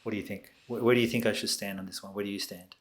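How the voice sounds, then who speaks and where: Australian man with a lowish voice. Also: rapid-fire. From New South Wales, Australia. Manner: lively storyteller, chatty and jokey. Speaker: podcast co-host. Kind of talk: casual sports chat.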